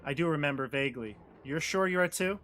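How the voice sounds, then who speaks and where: A man's voice: on the high side, quick pace, fairly bright tone. A man acting as dungeon master over a video call, explaining rules in an easygoing, patient way. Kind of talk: running a tabletop game over a video call.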